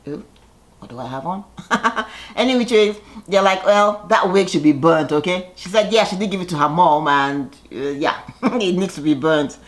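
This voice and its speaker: A woman giving a casual, gossipy recap of a reality show, chatty and animated when she quotes people. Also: on the low side, normal speed.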